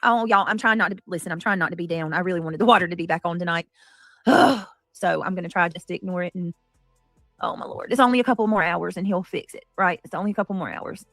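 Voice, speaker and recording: A woman hosting a casual livestream, greeting viewers by name and cheering gifts with excited squeals. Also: fairly low pitch, quick pace, dry recording, studio quality, faint music behind. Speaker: livestream host.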